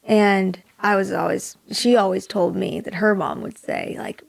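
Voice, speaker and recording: A young singer-songwriter from Maui, Hawaii, tells a personal story as an interview guest, speaking softly with a strong gravelly fry and dropping to a near-whisper for quoted thoughts. Her medium-pitched voice is steady and a little slow. The recording is dry and close, with no room around it.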